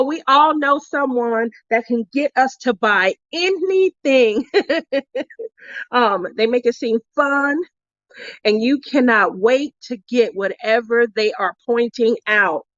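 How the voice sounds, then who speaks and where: Brief: chatty crafter woman, high-ish voice, giggles a lot, close and dry. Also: a bit bright, dry recording, dull audio. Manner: giggly, laughs often between sentences. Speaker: crafting vlogger giving awards. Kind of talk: casual storytelling.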